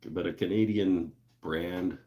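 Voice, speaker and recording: Deep-voiced laid-back man chatting on a stream. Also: steady tone, slow, warm tone. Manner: laid-back, joking, lots of fillers and laughs. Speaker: livestream host. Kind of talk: casual livestream chat reading viewer comments. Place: home woodworking shop.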